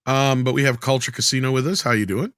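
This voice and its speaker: A man's voice: mid-range voice, quick pace, a bit bright. Teasing male panel moderator. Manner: teasing, blunt. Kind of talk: casual panel chat.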